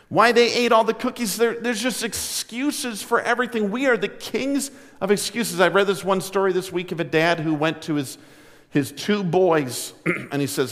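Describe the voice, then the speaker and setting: A man's voice: high voice, fairly bright tone, big-room sound. A man preaching a sermon in a direct, earnest, conversational way. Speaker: pastor.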